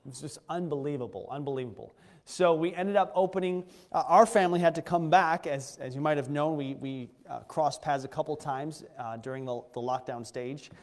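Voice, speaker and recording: Male missionary preacher, higher-pitched, earnest and chatty with restarts, church hall reverb. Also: fairly even intonation, normal speed, hardly any pauses. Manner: earnest, conversational, with frequent restarts. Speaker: missionary pastor. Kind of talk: sermon testimony. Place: church sanctuary.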